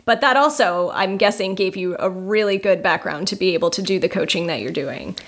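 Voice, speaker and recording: A woman's voice: on the low side, a little fast. A woman hosting an interview, asking questions with frequent laughs and backchannels. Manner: warm listener, laughs often, many backchannels. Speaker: podcast host. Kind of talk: conversational interview.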